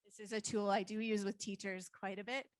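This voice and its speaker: A woman's voice: mid-range voice, little pitch movement, fairly quick, no room sound. Woman presenting school practices, dry sound. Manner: conversational, explains curriculum to adults. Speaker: school district learning designer. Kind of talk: presentation to foster parents. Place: online meeting.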